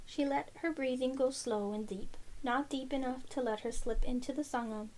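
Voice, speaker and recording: A woman narrating a fantasy novel chapter aloud in a steady storytelling read, with occasional slips. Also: high-pitched, normal speed, rough recording. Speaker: audiobook reader. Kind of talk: scripted narration.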